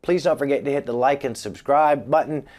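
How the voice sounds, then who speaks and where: A man's voice: mid-range voice, fairly quick, a little mellow. A man reviewing a guitar amp in a casual, wisecracking video, with jokes thrown between demonstrations. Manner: joking, wisecracking asides. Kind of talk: casual gear demo vlog. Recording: guitar playing behind the voice.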